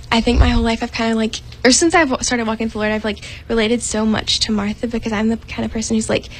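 A woman's voice: mid-range voice, a little hiss or hum. A young woman chatting eagerly about her faith, full of casual fillers. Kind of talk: casual faith testimony chat.

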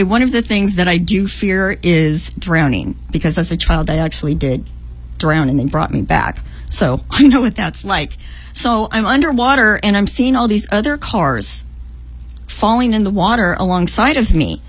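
Husky-voiced woman telling a dream. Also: low-quality recording. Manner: animated, acts out her own lines in a higher voice. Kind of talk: emotional storytelling.

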